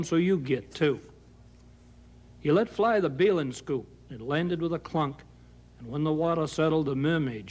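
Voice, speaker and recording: Folksy Maine man reciting a tall tale. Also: a little high. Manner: folksy down-east drawl, acts out characters. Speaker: storyteller. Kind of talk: reciting a humorous narrative poem. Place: home kitchen.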